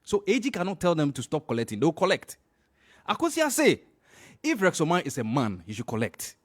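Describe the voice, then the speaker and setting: A middle-aged Ghanaian-accented man hosts a morning radio show, offering news commentary while switching between English and Twi. His voice is a little high, his pitch swoops wildly, and he talks fairly quickly.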